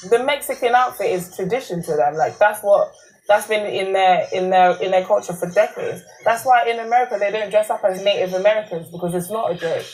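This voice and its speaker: A woman's voice: mid-range voice, brisk, a little mellow, rough recording. Frank, direct young woman. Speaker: reality show contestant. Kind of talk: casual conversation.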